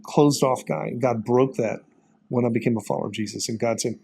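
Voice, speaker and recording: A man in his fifties, a pastor and former police officer, telling an emotional story in an interview in an earnest, halting way with many fillers. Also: mid-range voice, gravelly, mellow, slightly rough, rough recording.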